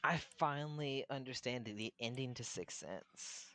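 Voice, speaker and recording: Deadpan podcast co-host, dry mic. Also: male voice, medium pitch, a little slow, dry recording. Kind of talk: casual chat.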